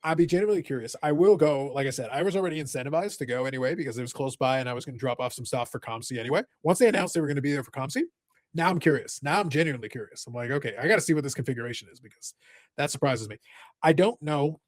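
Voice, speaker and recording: A man's voice: medium pitch, very fast, no room sound. A man co-hosting a podcast in casual chat, teasing and sarcastic. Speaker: podcast co-host.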